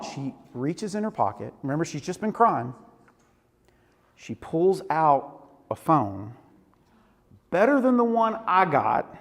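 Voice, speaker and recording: A man in his forties preaches to students with a high-pitched voice and animated storytelling. His sermon rings with the long reverb of a church hall. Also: normal speed. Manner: animated storytelling with Southern "y'all". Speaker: youth pastor. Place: church auditorium.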